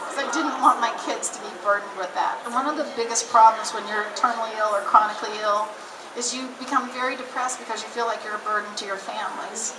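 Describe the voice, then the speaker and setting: A woman's voice: a little high, fast, noisy background. A middle-aged woman telling a personal story at an outdoor rally, acting out the dialogue as she goes. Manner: animated storyteller, acts out quoted dialogue. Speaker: rally speaker. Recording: roomy distant camera audio with loud ambience.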